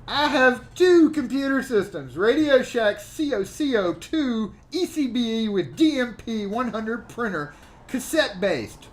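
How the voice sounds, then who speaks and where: Very high in pitch and a touch slow, this man's voice carries a lively, comedic performance. As host of a live stream, he reads old magazine letters theatrically and adds humorous asides.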